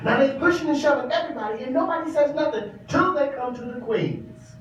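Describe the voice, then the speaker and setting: A man's voice: very high voice, a little fast, a bit bright, a little hiss or hum. An actor performing a stage monologue as a sassy, flamboyant older drag queen with a campy, theatrical way of talking who calls the listener darling. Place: large echoing exhibition space. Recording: roomy, distant, dull exhibit recording.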